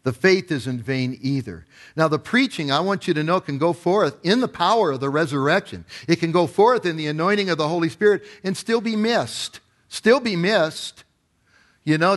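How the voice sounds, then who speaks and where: A man preaching as pastor, retelling a parable with lively acted-out voices. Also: on the high side. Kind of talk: sermon.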